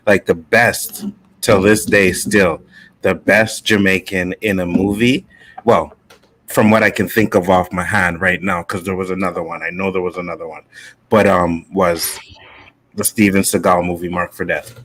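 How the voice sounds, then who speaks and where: Deep-voiced man in casual chat. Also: normal speed, no echo, low-quality recording. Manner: relaxed, slangy, frequent restarts. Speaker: co-host.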